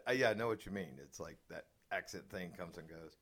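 A man's voice: low voice, quick pace, fairly bright tone. A man from Atlanta, co-hosting a casual interview show and rambling through anecdotes. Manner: rambling, self-deprecating anecdotes. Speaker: co-host.

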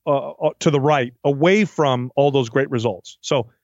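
A man's voice: mid-range voice, normal speed, no echo, highs cut off. A man, a fitness trainer, talking casually in an interview and acting out what his clients say. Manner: animated, acts out client quotes.

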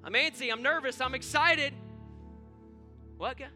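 An antsy, whining believer, as a preacher acts him out, pleading and exasperated in a comic way. The voice sits very high and sounds very bright and sharp. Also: male voice, a little slow, soft background music, full character voice. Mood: impatient. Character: impatient, whiny man complaining to God.

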